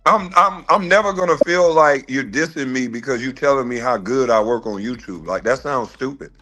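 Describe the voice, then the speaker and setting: A man's voice: mid-range voice, normal speed, pushed and bright. A man who is a former pro basketball player, arguing in a heated casual way, taunting and dismissive and swearing a lot.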